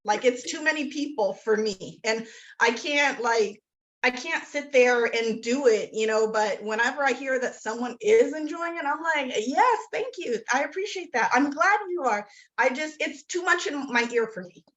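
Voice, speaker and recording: A woman's voice: fairly high pitch, normal speed, a bit bright, muffled recording. A woman author being interviewed, talking in a rambling, self-deprecating way with lots of fillers and restarts. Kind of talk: casual interview chat.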